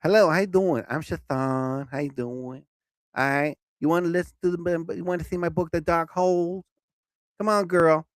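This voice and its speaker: A man hamming up a flirty ancient dark god. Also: a little high, fairly even intonation, moderate pace, smooth, no room sound, clean studio sound, natural voice. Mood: teasing. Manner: showy, teasing, playful.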